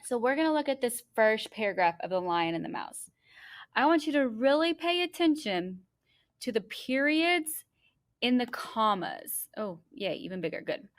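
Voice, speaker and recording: A young adult woman teaching a class, explaining step by step and reading a story aloud slowly and deliberately in an encouraging way. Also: fairly high pitch, big pitch swings.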